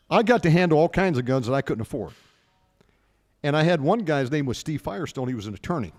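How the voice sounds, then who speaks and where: Middle-aged American radio host, spins animated anecdotes; higher pitch, reverberant sound. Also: male voice. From United States. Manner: animated anecdote teller, acts out dialogue. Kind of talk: casual storytelling chat.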